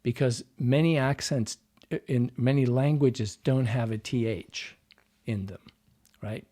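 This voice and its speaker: A man's voice: medium pitch, unhurried, warm tone. A man, a dialect coach, patiently explaining how accents work in an interview and sounding out examples.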